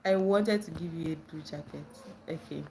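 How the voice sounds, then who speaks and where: A woman's voice: moderate pace, dark tone, a little hiss or hum. Bubbly Nigerian woman hosting a livestream. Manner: bubbly, bursts into high squeals greeting friends. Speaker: livestream host reading chat. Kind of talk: casual livestream chat.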